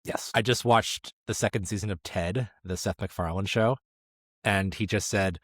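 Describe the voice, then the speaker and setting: A man with a fairly low voice co-hosts a film podcast, chatting loosely and joking at his own expense. He stumbles over tricky place names. The sound is dry and close to the mic. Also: moderate pace, no echo. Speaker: podcast co-host. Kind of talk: casual chat.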